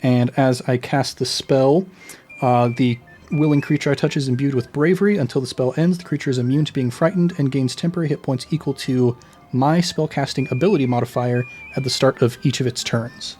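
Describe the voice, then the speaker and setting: A man's voice: mid-range voice, a little fast, darkish tone, faint music behind. A man with a mid-range voice plays a tabletop game, working through his turn step by step and reading out each rule as he goes. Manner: methodical, reads out rules. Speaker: player.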